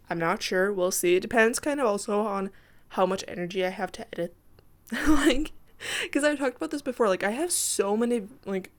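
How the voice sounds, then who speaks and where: A tired woman rambling in casual voice-over chat over a game build, apologetic and giggling often, talking from her PC at home. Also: a little high. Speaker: Sims builder and YouTuber.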